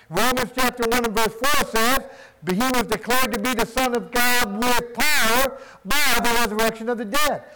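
A man's voice: very high-pitched, low-quality recording. A man preaching a sermon with emphasis, posing questions and answering them himself. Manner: emphatic, asks and answers his own questions.

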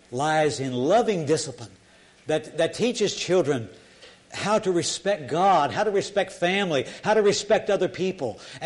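An older man preaching a sermon in an earnest, folksy storytelling way, often restarting his sentences. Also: fairly high pitch.

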